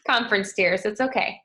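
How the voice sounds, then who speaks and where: A woman's voice: fairly high pitch, fairly bright tone, slight background noise. A woman hosting a team call, upbeat and encouraging, speaking casually with fillers.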